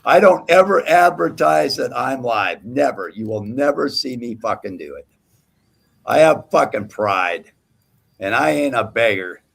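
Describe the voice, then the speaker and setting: A man's voice: medium pitch, expressive, unhurried, creaky, breathy edge. A man hosting a livestream panel, taunting and cursing at a rival in heated trash talk. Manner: profane, taunting, mocking. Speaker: livestream host.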